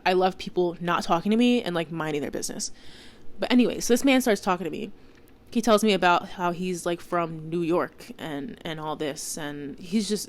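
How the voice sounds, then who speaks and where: A young woman hosting a podcast, telling a story in casual chat, exasperated and swearing, with lots of filler words. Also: lowish voice. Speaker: podcast host.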